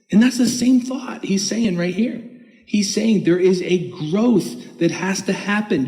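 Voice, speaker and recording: Pastor preaching in a reverberant church hall. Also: male voice, high voice, unhurried. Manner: animated preaching with short laughs; reads scripture aloud in old-fashioned wording. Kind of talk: sermon. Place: church sanctuary.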